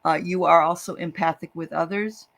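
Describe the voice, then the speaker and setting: A woman hosting a live spiritual show, chatting with her guest and giving readings in a lively, joking way. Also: fairly low pitch, gravelly. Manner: lively, chatty, quick to joke and laugh.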